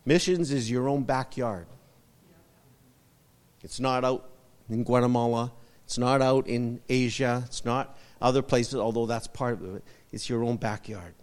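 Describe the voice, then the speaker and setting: A man's voice: mid-range voice, fairly even intonation, unhurried, long reverb tail. A male pastor preaching a sermon, repeating short emphatic phrases and asking the congregation for amens.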